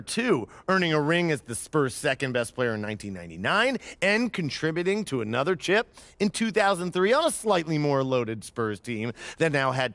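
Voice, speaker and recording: A man's voice: fairly high pitch, a bit bright, no room sound. A man narrating a scripted basketball ranking, talking players up with emphatic, hype-filled delivery. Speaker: basketball commentator.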